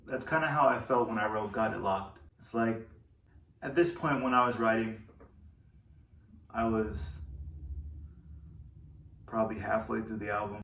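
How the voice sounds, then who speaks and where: A man, a musician, talking through how he wrote one of his album's songs in a slow, thoughtful way with pauses. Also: lowish voice, vocal fry, a bit bright, reverberant, distant mic, slight background noise. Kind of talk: reflective solo talk.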